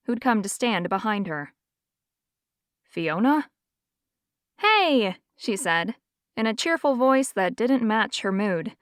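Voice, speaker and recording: A woman narrating an audiobook in a measured, even storytelling manner. Her voice sits in a middle range. The recording is close and dry, with no room echo. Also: medium pitch.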